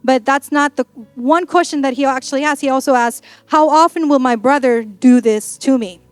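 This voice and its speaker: A woman's voice: sits high, no room sound. A woman pastor preaching a sermon in a church, in a playful, conversational way with acted-out asides.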